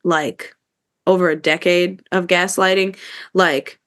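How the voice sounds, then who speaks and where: A woman's voice: lowish voice, steady tone, slow pace, a bit bright, clean tone. A woman co-hosting a podcast in casual chat, telling stories candidly and animatedly, with some swearing. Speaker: podcast co-host.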